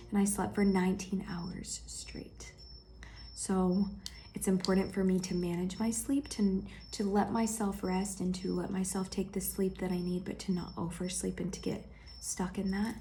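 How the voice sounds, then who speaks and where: A woman sharing a heartfelt personal vlog, speaking gently and intimately to the viewer and often dropping into a soft whisper. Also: mid-range voice, level tone, normal speed, slight background noise. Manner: affectionate, speaks straight to the viewer.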